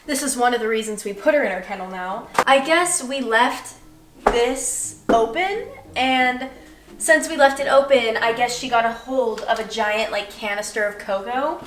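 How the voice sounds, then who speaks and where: With a slightly high voice, a young woman vlogs as she bakes at home in her kitchen, chatting casually, poking fun at herself and rambling on. The background is noisy, and the roomy kitchen is captured by a distant mic.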